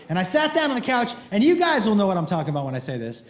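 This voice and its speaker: A middle-aged man doing stand-up, telling crude stories in a playful, animated way with sudden loud outbursts. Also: sits high, racing, few pauses, some chatter behind. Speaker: stand-up comedian. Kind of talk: stand-up storytelling. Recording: roomy echo with faint noise.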